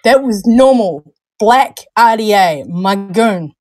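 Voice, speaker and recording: A woman's voice: mid-range voice, animated, slow, a little mellow, no room sound. A young woman co-hosting a casual livestream chat, talkative, stumbling over and repeating words and laughing at herself. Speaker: podcast co-host.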